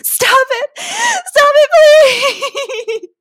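A woman voicing a frightened young woman pleading, in high, shrill cries. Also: expressive, very slow, a bit bright, raised voice, exaggerated voice. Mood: pleading, distressed.

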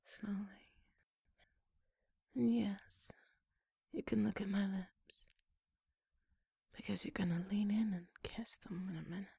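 A young woman in a whispered role-play, murmuring coaxing, teasing directions with soft little laughs. Her whisper is very airy and mellow, with a faint gravelly edge, and she takes her time over every word. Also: medium pitch, steady tone, unhurried, long pauses, no room sound, studio quality. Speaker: ASMR role-play performer.

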